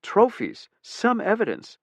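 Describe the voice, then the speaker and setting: A man voicing a sharp, sarcastic female detective. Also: sits high, huge pitch swings, a little slow, no echo, pitched above the performer's own voice, full character voice. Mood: sardonic.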